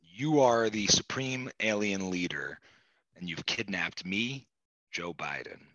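Deep, sharp-voiced man. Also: takes it slowly, dry recording, highs cut off. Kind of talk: improv sketch planning.

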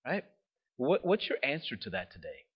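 A man preaching a sermon, telling the story with animated emphasis, often asking "right?", and dropping to a soft, slow voice for reflective points. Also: medium pitch, breathy edge. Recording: dull lo-fi recording.

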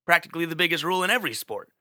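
Bright-voiced man telling a casual story. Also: on the high side, animated, fast talker, dry recording, clean studio sound. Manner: chatty, addresses the listener directly, many fillers.

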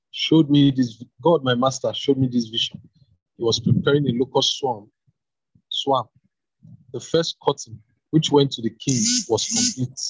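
Husky-voiced man reading scripture. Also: mid-range voice, no room sound, dull audio. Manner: brisk, hurried reading. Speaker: scripture reader.

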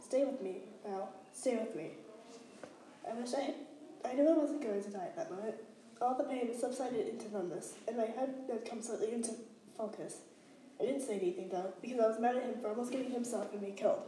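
A woman reading a first-person novel aloud in a mellow, darker tone, at an ordinary pitch. She reads haltingly, with slips and restarts, and a faint hiss sits behind her voice. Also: echoey room, distant mic. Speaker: reader.

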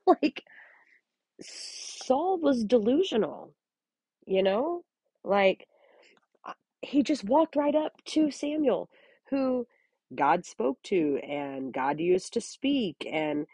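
A woman's voice: fairly low pitch, animated, takes it slowly, warm tone, husky, no room sound. A woman hosting a Bible reading podcast, reading scripture aloud and breaking in with earnest, chatty commentary. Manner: earnest, chatty asides between read passages.

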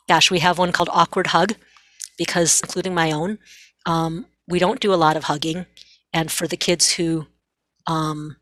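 A woman's voice: fairly low pitch, a bit bright, no echo. A middle-aged woman psychiatrist, a guest, explaining earnestly and acting out bits of dialogue. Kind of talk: explanatory interview talk.

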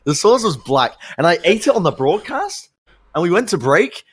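Animated man telling a story. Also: high-pitched, moderate pace, husky. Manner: animated storyteller, swears casually. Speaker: esports caster. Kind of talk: casual podcast chat.

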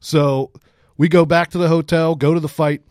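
A man co-hosting a podcast, telling a story in a casual, profane, animated way with frequent laughs. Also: a little high, normal speed, dry recording, clean studio sound. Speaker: podcast co-host.

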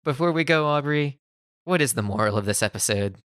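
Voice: medium pitch, expressive, fairly quick, fairly bright tone, clear, resonant tone, no echo. Podcast host, casual chat, pedantic, nitpicky, dry close mic.

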